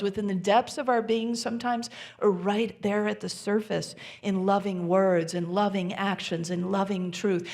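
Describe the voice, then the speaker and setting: A woman minister giving a sermon in a church, speaking gently and intimately, often sinking to soft near-whispers. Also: mid-range voice. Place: church sanctuary.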